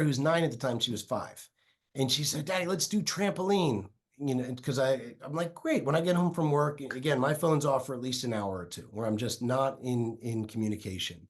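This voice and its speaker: A middle-aged man, a real estate investor, telling a story in a podcast interview with lively acted-out quotes, speaking from a small home office. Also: mid-range voice. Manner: animated storyteller, acts out quotes.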